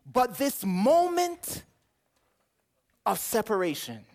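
A man's voice: high voice, huge pitch swings, takes it slowly, darkish tone. Earnest male preacher reading scripture. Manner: earnest, repeats words while building to a point; reads scripture aloud in King James wording. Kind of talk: sermon.

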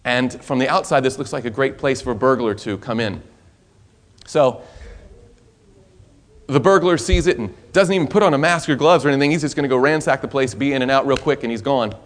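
A man preaching a sermon, telling a story in an animated, conversational way that is full of restarts. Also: mid-range voice, a little fast.

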